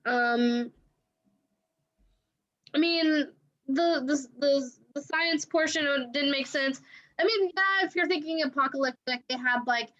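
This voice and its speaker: Woman, podcast co-host, high voice, chatty, animated retelling, dull lo-fi recording. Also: a little slow, long pauses. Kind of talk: casual movie chat.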